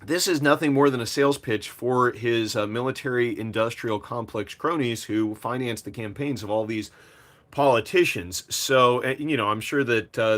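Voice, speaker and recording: A man's voice: medium pitch, fairly bright tone. A man hosting a casual commentary video, talking in a loose, conversational way with frequent filler words. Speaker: host.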